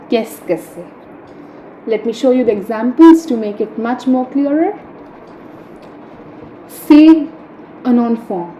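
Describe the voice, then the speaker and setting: Mellow-voiced woman teaching grammar, echoey room. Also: a little high. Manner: patient, repeats key points with "right?". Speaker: French teacher. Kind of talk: explaining grammar step by step. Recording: echoey room, faint hum.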